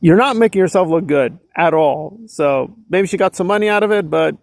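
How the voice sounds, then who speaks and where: A man's voice: sits high, moderate pace, vocal fry, no echo. A man giving casual, exasperated commentary, sarcastic and full of filler likes. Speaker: commentary vlogger.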